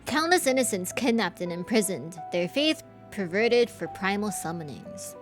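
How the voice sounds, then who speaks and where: A man's voice: high-pitched, sing-song, moderate pace, over music. A woman reading out an earnest young scholar. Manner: plain unaccented reading aloud. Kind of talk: reading game dialogue aloud.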